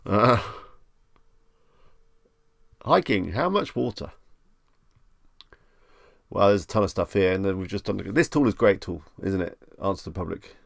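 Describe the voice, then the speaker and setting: Male streamer, low and gravelly, dry close mic, casual chat host who reads out questions and riffs on them. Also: animated, a little slow, pauses often, dry recording. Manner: chatty, reads questions aloud and muses on them.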